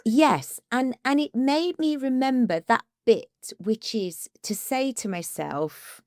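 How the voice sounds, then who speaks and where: A woman, an ADHD coach co-hosting a podcast, talking casually and with emotion, often halting and restarting. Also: on the high side, a little mellow, no room sound, studio quality.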